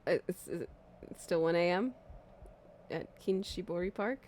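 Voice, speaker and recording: A woman's voice: on the low side, moderate pace, darkish tone, slight background noise. A young woman streaming a horror game, chatting casually, easily startled and laughing. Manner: chatty, jumpy, laughs and shrieks at scares. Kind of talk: casual let's-play commentary.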